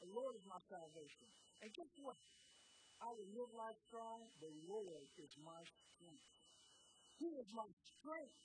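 A woman's voice: medium pitch, expressive, unhurried, a little mellow, a little hiss or hum, rough recording. A woman preaching a sermon, urging her listeners on with repeated calls and emphatic declarations. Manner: exhorting, repetitive calls to the congregation. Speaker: pastor.

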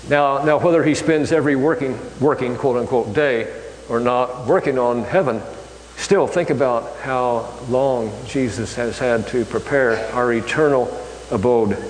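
A man giving a folksy lay sermon in a church hall, halting, with many fillers. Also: mid-range voice. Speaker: lay preacher. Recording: echoey hall with faint hum.

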